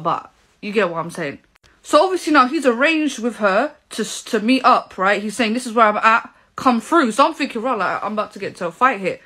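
A woman, telling a story in an animated, indignant way to camera. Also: medium pitch, slightly rough. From England. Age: 20s. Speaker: vlogger. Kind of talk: storytelling vlog.

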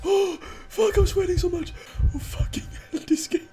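A man's voice: extremely high pitch, steady tone, a little fast, mellow. A young man playing horror games on camera at home, shrieking, swearing and laughing nervously. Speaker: horror game let's player. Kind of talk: screaming horror game reaction. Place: home recording setup with a green screen.

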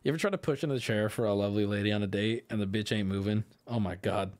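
A man's voice: fairly low pitch, fast talker, darkish tone, soft background music. A man joking bluntly as he reacts to a dating show on a live stream, rambling with crude asides into a desk microphone. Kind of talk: casual live-stream commentary.

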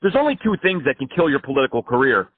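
A man playing a brash, self-important politician who rambles an absurd campaign pitch over the phone. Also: big pitch swings, racing, slightly rough, no echo. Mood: pompous. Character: self-important male fringe politician, a smooth-talking blowhard. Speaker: prank caller. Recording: phone-like line.

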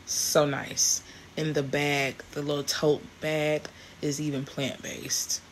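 A woman's voice: low-pitched, level tone, slow, slight background noise. A woman, chatting casually to camera in a vlog, grateful and rambling with many restarts. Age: 40s. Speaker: vlogger.

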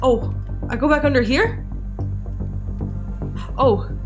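High, jumpy, swearing woman streamer. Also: very animated, takes it slowly. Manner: jumpy, swears a lot, shrieks in fright. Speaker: gaming streamer. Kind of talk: live gameplay commentary. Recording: game music playing behind.

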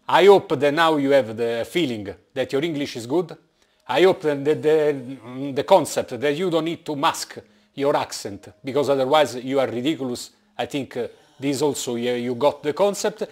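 A man from Italy with a strong Italian accent, talking in a casual vlog, animated and joking, blunt, with lots of filler sounds. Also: fairly high pitch. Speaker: vlogger. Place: indoors, working in Germany.

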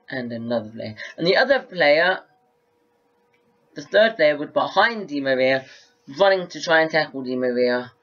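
A male football vlogger giving a casual, rambling match review to camera, excitable and often repeating himself. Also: fairly high pitch, dull audio.

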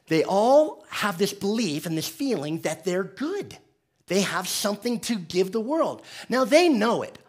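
A man from the United States preaching a conversational, joking sermon as pastor. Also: a little high.

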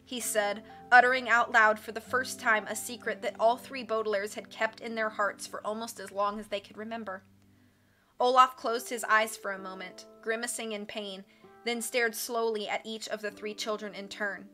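A woman reading a storybook aloud on a livestream, expressive and voicing each character, with soft music behind her. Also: mid-range voice, moderate pace. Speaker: audiobook reader. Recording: faint background music. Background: soft instrumental music.

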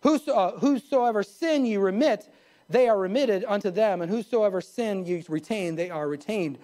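A male pastor preaching a live sermon in a church, emphatic, with sudden rises and drops in pitch and pace and chuckles at his own jokes. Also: moderate pace, a little mellow. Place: church sanctuary.

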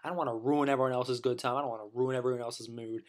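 A man's voice: medium pitch, fairly even intonation, very fast. A man delivering a rambling, profane opinion rant as a vlogger, full of restarts and blunt insults.

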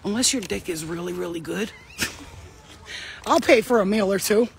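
A woman's voice: mid-range voice, measured pace, gravelly, slight background noise. A woman chatting casually while walking her dog outdoors, blunt and profane and laughing often. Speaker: vlogger. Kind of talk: casual chat.

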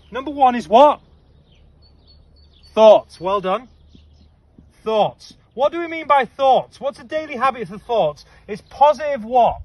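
Bright-voiced man quizzing his team. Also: very high-pitched, no room sound. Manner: quizzes listeners, calls them team; energetic, playful. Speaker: head coach. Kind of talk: upbeat coaching talk.

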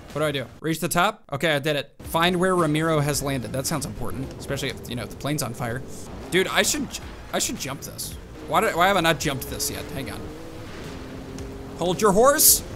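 Excitable young-sounding gamer guy. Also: on the high side. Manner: excitable, jokey, often says "dude". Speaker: gaming channel host. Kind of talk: casual gameplay commentary. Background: game music.

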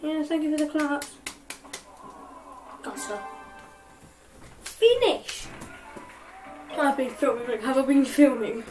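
A woman's voice: high-pitched, normal speed, long pauses, a little mellow. A woman hosting a let's play, giggly and chaotic, swearing a lot as she plays. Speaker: gaming channel host. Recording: voice far from mic, faint game music.

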